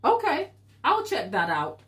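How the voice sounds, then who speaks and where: A woman's voice: sits high, huge pitch swings, unhurried. Encouraging woman chatting on a live stream. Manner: earnest, encouraging, laughs easily; reads and answers viewer comments. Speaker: baking show host. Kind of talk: live-stream chat while baking.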